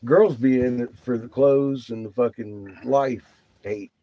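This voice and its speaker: A man's voice: mid-range voice, fairly even intonation, measured pace, muffled recording. A man chatting casually as a guest, joking and cursing, often breaking into laughter. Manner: laughs often, profane banter. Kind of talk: casual late-night chat.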